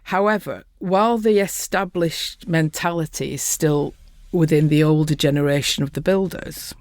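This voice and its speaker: A middle-aged woman with a softened Lancashire accent, talking bluntly and earthily as a guest in a casual interview. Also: low-pitched, normal speed, no room sound, clean studio sound. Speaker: podcast guest, construction safety professional.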